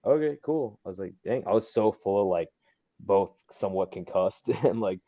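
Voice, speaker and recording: A young man tells his stories in a low, mellow voice, laughing often and jumping up high whenever he mimics someone else. The audio sounds muffled and lo-fi. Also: normal speed, no room sound. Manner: animated, laughing often, acts out other people's lines in a high voice. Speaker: professional wrestler guest. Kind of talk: casual storytelling. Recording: dull lo-fi podcast audio.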